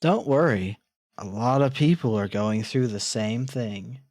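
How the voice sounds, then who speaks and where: A man streaming a game live, reading its text aloud in an unhurried, musing way and turning flustered when something breaks. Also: mid-range voice, expressive, a little mellow, dry recording, studio quality.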